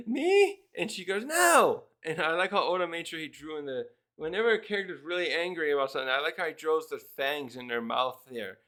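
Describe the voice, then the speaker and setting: A man with a voice on the high side, pushed and bright, reviews a manga chapter casually and at rambling length. Now and then he briefly acts out character lines in quick put-on voices.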